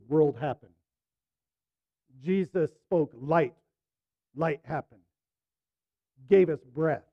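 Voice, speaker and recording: A middle-aged man preaching a sermon, telling a personal story in a conversational way, dropping to soft asides and rising to emphatic bursts. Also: a little high, no echo, highs cut off. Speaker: pastor.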